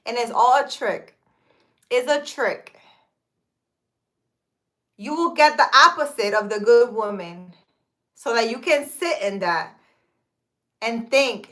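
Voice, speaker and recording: A woman's voice: fairly high pitch, slow, pauses often, fairly bright tone. A woman in her thirties talking earnestly and emphatically to her live-stream viewers about relationships and faith, outdoors in a park. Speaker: live-stream host and spiritual advisor. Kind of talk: casual spiritual advice talk on a live stream.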